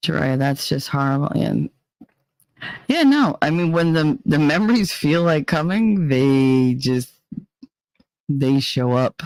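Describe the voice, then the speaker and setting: A woman's voice: low-pitched, animated, slow pace, a little mellow, dry recording. A woman hosting a casual livestream chat, venting bluntly and swearing heavily as she talks. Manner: profane, heated and blunt. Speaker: livestream host.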